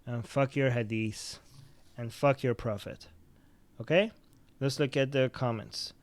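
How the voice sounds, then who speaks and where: A man's voice: mid-range voice, steady tone, a little slow, no room sound. A man who speaks English as a second language hosts a podcast, giving blunt, profane commentary on the news and reading out viewer comments. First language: not English. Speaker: podcast host.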